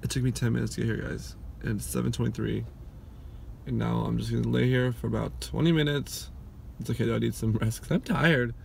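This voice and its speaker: A man's voice: mid-range voice, fairly even intonation, brisk, vocal fry, a little hiss or hum. A young man in his twenties, a college student vlogging in a chatty, upbeat way and talking straight to his viewers. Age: 20s. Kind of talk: casual vlog chat.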